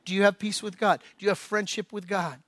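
A man with a notably high voice delivers an impassioned sermon as a pastor. He swings from loud, ringing emphasis to quiet, drawn-out appeals. The sound is dry and close, with little room around it. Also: flat delivery, no room sound. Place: church.

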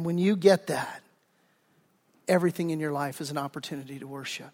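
A man preaching a sermon as pastor, animated, acting out the voices he quotes. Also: a little high, brisk, long pauses. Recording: long hall reverb.

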